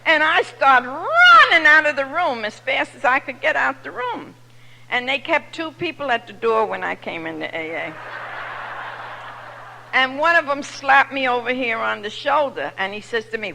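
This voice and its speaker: An older woman from New York with a New York accent, telling her personal story to an audience as a recovery meeting speaker, lively and humorous. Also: high voice, moderate pace, creaky. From New York City. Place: large meeting hall. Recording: echoey hall recording.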